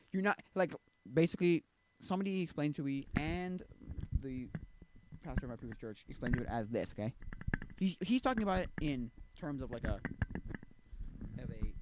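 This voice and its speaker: A man's voice: mid-range voice, noisy background. A man streaming, talking casually about faith in a rambling way, often stopping and restarting his sentences and acting out quotes with sudden lift. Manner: rambling, self-interrupting, many fillers; animated when acting out quotes.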